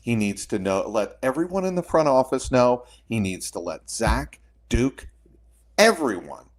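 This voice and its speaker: Firm, punchy podcast co-host. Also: male voice, medium pitch, sing-song. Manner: measured, punchy, firm declarations. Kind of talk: casual sports talk.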